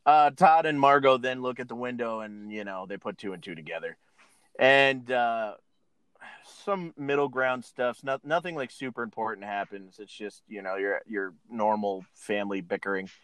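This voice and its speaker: A man's voice: medium pitch, moderate pace, fairly bright tone, clean tone, no echo. A man casually retelling a film scene by scene, laughing often and acting out the characters' lines. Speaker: podcast co-host recapping a film. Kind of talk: casual chat.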